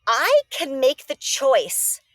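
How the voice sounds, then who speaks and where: A woman's voice: sits high, wildly swooping pitch, slow pace, fairly bright tone, no echo. A woman in her thirties, a mother and podcast guest, talking in a reflective, casual way with many fillers and restarts. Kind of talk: casual chat.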